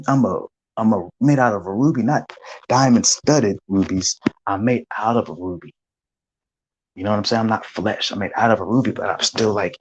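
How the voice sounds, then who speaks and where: Husky man recounting a vision, low-voiced. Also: low-quality recording. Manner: animated storytelling with reenacted gasps and shouts. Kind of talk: vision testimony.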